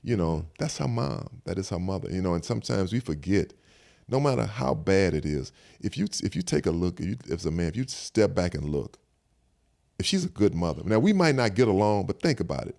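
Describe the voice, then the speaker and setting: Gravelly deep-voiced older man, fast. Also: sing-song, darkish tone. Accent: Southern American. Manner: reflective, repeats "I said" while retelling conversations. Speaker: podcast guest. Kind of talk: casual storytelling chat.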